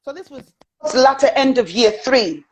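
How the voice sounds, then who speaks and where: High, lively British-accented woman. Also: moderate pace, lo-fi sound. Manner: animated, chatty storyteller with frequent fillers. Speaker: guest. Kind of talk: personal storytelling in an interview.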